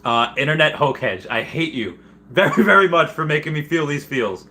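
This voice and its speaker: Excitable man rambling on a livestream. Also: a little high, brisk. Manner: excitable, rambling, trails off mid-thought. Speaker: livestream host. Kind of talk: casual livestream chat reading comments.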